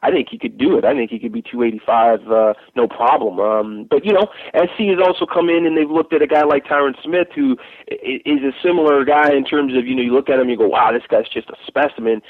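A man holds forth on football recruiting in a loose, rambling way, circling back through fillers and restarts. His voice sits at an ordinary pitch and comes through a thin, tinny phone line. The sound is dry and close. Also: steady tone, fast, no room sound. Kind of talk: casual podcast chat.

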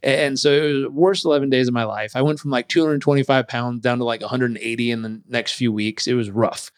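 A man telling a personal story as an interview guest, animated and acting out what others said. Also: medium pitch, fast talker, no room sound, studio quality.

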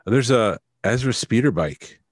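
A man's voice: medium pitch, expressive, measured pace, no room sound, studio quality. A man co-hosting a podcast, chatty and joking while reading prices aloud. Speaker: podcast co-host. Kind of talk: casual chat.

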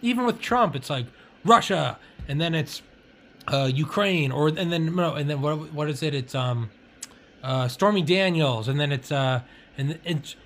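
A man's voice: on the high side, a little slow, a bit bright. A young man hosting a podcast in casual chat, rambling and swearing, laughing often. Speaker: podcast host.

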